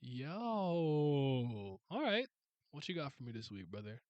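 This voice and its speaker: A man's voice: medium pitch, takes it slowly, no echo, highs cut off. A man hosting a casual reaction to a new manga chapter, talking straight to his viewers in loose slang and reading bits aloud, with a handheld mic held close. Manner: casual, excitable, talks to the audience with slang. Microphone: handheld mic on a swing arm, held close.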